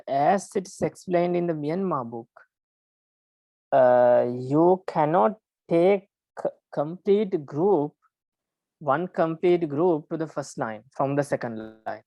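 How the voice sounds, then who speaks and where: Give me a deep-voiced woman teaching a class, halting and careful, recorded dry. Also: warm tone, no echo. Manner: halting, many fillers and restarts, careful explaining. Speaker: Pali teacher. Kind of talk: explaining metre in a class.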